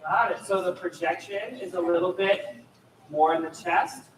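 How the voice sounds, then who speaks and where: Man, choir clinician, high voice, demonstrates vocal sounds, encouraging, echoey hall, far from mic, noisy. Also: normal speed. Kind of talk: choir rehearsal instruction.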